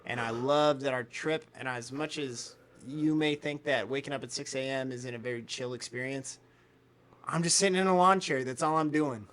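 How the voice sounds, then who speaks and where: A man co-hosting a podcast in casual chat, telling animated stories, acting out quotes and swearing freely. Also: mid-range voice, moderate pace. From United States. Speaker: podcast co-host.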